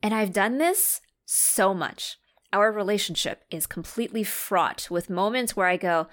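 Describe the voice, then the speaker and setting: A woman co-hosting a podcast in casual chat, telling stories in a lively, animated way. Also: mid-range voice, normal speed. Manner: animated storyteller who acts out quoted voices. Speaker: podcast co-host.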